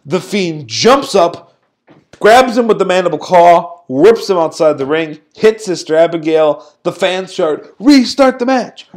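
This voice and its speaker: A man co-hosting a podcast, recapping events in a sarcastic, incredulous rant. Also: fairly high pitch. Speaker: podcast co-host. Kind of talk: casual recap commentary.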